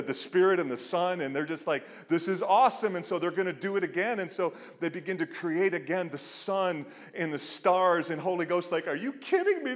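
Middle-aged male pastor, animated sermon, hall reverb. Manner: animated storytelling, acts out quotes with big pitch jumps.

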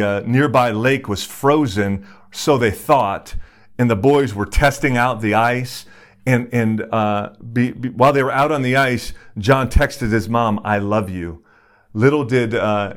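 A pastor preaching a sermon in a conversational storytelling way, with many fillers and restarts. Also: male voice. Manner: acts out quoted voices in a raised pitch.

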